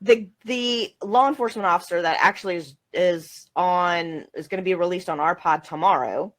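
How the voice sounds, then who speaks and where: Woman on a podcast, lowish voice, friendly, laughs a lot, casual chat. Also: moderate pace. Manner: friendly, laughs often, agreeable. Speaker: podcast guest.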